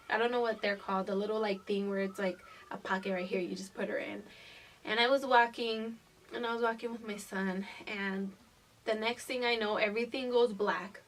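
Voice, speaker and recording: Young woman vlogger, twenties, mid-pitch voice, casual storytime with lots of swearing, sitting a bit back from the camera mic. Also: fairly bright tone, recorded from a distance, a little hiss or hum. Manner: casual and profane, laughing through the story.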